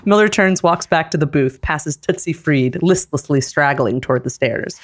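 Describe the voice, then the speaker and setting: A woman reading the stage directions aloud in a live script reading, in a steady, deliberate manner. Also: sits low, a little hiss or hum. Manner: steady, deliberate, with occasional laughs.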